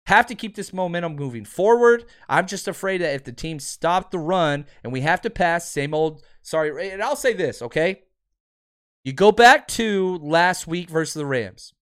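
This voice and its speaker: A man's voice: fairly high pitch, lively intonation, moderate pace, a bit bright. A man hosting a sports podcast, giving emphatic, ranting fan commentary and answering listeners.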